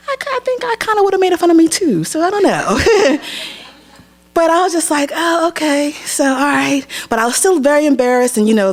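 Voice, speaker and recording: A young woman from Pennsylvania tells a personal story live on a theater stage, acting out the voices of the people in it. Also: sits high. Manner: animated, acts out other people's voices.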